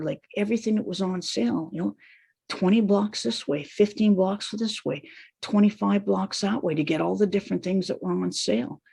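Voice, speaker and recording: A woman's voice: mid-range voice, vocal fry, warm tone, slightly rough. A woman telling her own painful story in a raw, repetitive monologue, piling on lists of hurts. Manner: raw, pained and repetitive, with long trailing lists. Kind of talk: personal testimony monologue.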